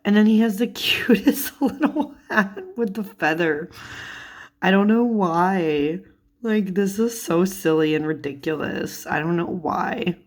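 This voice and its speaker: A woman's voice: mid-range voice, measured pace. A young woman chatting casually as she shows tarot cards, giggling often and filling her talk with "like". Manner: giggly, chatty, lots of "like" fillers. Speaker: tarot YouTuber. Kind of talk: casual chat showing cards.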